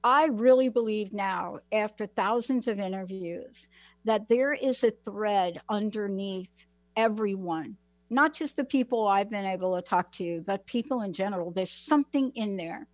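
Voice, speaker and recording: A woman from the Bronx running an interview, drawing her guest out with encouraging, reflective questions. Her voice sits at a middling pitch and is recorded dry and close. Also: a little slow, no room sound. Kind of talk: conversational interview.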